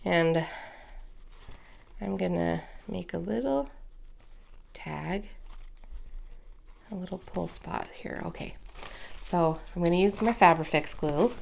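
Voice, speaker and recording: A woman's voice: fairly low pitch, slow, creaky, long pauses, a little mellow, a little hiss or hum. A woman hosting a casual crafting tutorial, chatty and gushing, easily moved by what she shows. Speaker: crafting video host.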